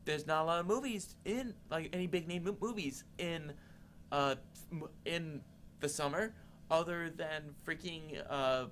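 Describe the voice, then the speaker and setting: A man's voice: a little high, fairly bright tone, slight background noise. A young man co-hosting a campus TV show, giving an exasperated, indignant rant of a film review full of restarts. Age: young adult.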